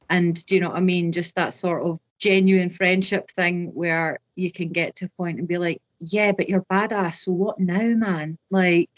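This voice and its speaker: Brief: young Scottish woman, musician guest, low-pitched, close dry mic, talkative and lively. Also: no room sound. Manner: chatty and enthusiastic, many fillers like "do you know what I mean". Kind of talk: casual interview chat.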